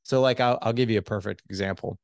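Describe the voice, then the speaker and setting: In a dry recording, a gravelly, lowish-voiced man talks fast. He's a middle-aged relationship coach on a podcast who animatedly gives communication advice while acting out conversations between himself and his wife.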